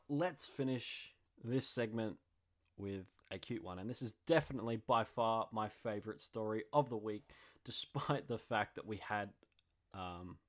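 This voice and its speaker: A young man hosting a podcast, chatting casually in an excitable, slangy and jokey way. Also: on the low side. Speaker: podcast host.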